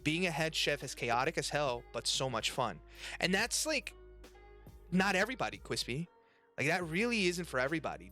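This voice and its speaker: A man's voice: a little high, sharp tone. A man hosting a casual podcast, loose and profane, reading chat messages aloud. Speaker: podcast host and restaurant server.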